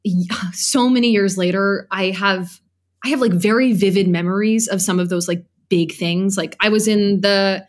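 A woman being interviewed, telling stories from her childhood in a lively, laughing way and acting out other people's voices. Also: mid-range voice, normal speed. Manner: animated, laughing, acts out quoted voices. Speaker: guest. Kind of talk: casual storytelling interview.

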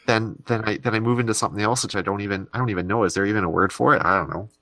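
A man's voice: on the low side, racing, pushed and bright, dry recording. A man from Minnesota co-hosting a podcast, chatting casually and upbeat, laughing often. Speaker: podcast co-host. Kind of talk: casual chat.

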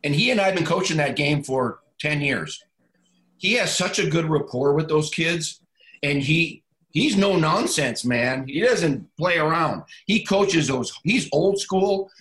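A man in his sixties, once a football coach, tells a story during a casual podcast chat, acting out both sides of a phone call. His voice is on the high side with a fairly bright tone.

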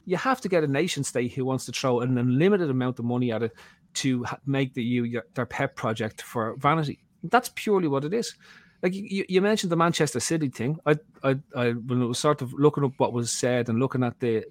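A man's voice: medium pitch, fairly quick, dry recording. A man hosting a football podcast, opinionated and rambling, tagging points with "right?". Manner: rambling, repeats "right?", many restarts. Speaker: podcast host.

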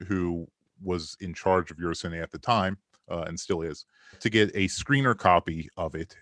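A man in his forties with a lowish voice tells long, roundabout stories in a relaxed podcast chat. He laughs easily as he goes. The sound is dry and close, with no room around it. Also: dry recording. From Maryland, USA. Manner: rambling storyteller, laughs often. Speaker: podcast guest, film commentary maker.

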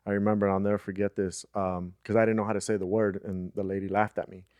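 A man with a low voice co-hosts a casual podcast, telling stories in a relaxed way. He gets animated when he acts out what other people said. The sound is dry and close. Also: fast talker, dry recording. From United States. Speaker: podcast co-host. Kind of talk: casual chat.

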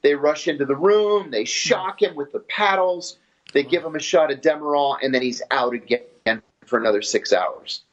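A man telling his story in an interview in a steady, matter-of-fact way. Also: fairly high pitch, moderate pace. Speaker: former intelligence officer telling his story. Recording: dull lo-fi audio.

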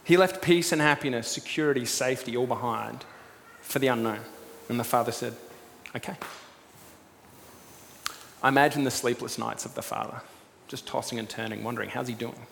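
A man's voice: medium pitch, normal speed, creaky. Man preaching in an echoing church. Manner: animated storytelling, acting out the figures' lines in the story. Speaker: pastor. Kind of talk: sermon. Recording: long reverb with faint room noise.

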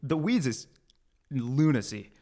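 A man appears as a guest on a casual podcast. He talks about being on a cooking show in an easygoing, laid-back way. His voice sits at a middle pitch. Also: big pitch swings, slow, warm tone.

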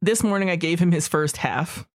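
A woman in her thirties co-hosting a podcast, telling stories in a casual, animated way and often breaking into laughter. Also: lowish voice, normal speed, dry recording, clean studio sound. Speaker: podcast co-host. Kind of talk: casual chat.

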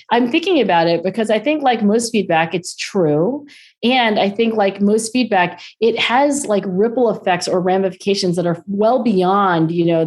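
A middle-aged woman talking as a podcast guest in a casual, animated way, with frequent laughs and fillers. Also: lowish voice. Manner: animated, chatty, laughs often, lots of fillers. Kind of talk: casual interview conversation.

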